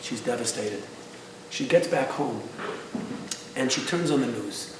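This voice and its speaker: A man's voice: medium pitch, animated, unhurried, noisy background. A man giving an inspirational religious class, telling a story earnestly and mixing in Hebrew phrases. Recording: echoey hall, distant mic.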